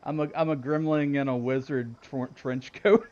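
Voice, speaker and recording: Male streamer, relaxed, rambling, giggly banter over gameplay; medium pitch, slightly muffled recording. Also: normal speed. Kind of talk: casual gameplay commentary.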